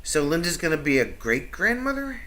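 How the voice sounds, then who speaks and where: A man's voice: a little high, moderate pace. A man co-hosting a casual livestream, cheerfully reading viewer comments and chatting. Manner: animated, cheerful, reads viewer comments aloud. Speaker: livestream co-host reading chat. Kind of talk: casual chat.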